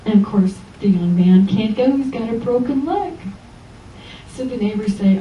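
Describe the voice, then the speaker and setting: Her voice is mid-range and her pace moderate as this spiritual teacher from Los Angeles tells stories in a Sunday church lecture, animatedly voicing the people she quotes. The inspirational talk was recorded muffled, from far off in an echoey hall, with slight background noise.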